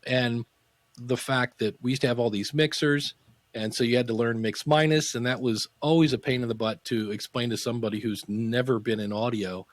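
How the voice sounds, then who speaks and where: A middle-aged man chats as an interview guest, with a middle-range voice. He tells stories with gusto and jumps high in pitch to act out quotes. The sound is dry and close, with no room around it. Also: brisk, no room sound. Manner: animated anecdotes, acts out quotes with pitch jumps. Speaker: podcast guest, podcasting teacher. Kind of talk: casual storytelling interview.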